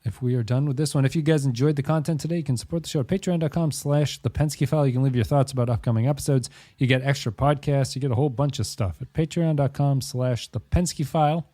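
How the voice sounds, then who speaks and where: Guy co-hosting a podcast, rambles and restarts a lot, dry close mic, middle pitch. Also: fast talker, hardly any pauses, dark tone, dry recording. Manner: rambling, restarts often, laughs easily. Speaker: podcast co-host. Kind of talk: casual chat.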